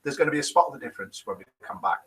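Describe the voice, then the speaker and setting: A man's voice: mid-range voice, lively intonation, racing, fairly bright tone, poor audio. A British man in his fifties hosting a live show, chatting and reading out viewers' comments and jokes in a self-mocking way. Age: 50s. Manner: chatty and self-mocking, puts on voices for quotes. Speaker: host of a live daily show.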